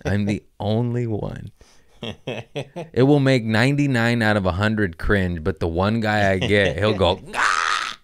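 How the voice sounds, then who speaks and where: A man's voice: fairly low pitch, steady tone, measured pace, smooth. Loose, jokey man around forty. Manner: loose, jokey, profane, riffing off the cuff. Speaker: comedian podcast host. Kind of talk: rambling casual chat.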